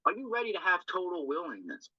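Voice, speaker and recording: A man whose voice sits high talks quickly with huge pitch swings, going earnestly and loosely through a recovery text. He keeps checking in with tag questions, and the recording is dry, dull, and lo-fi.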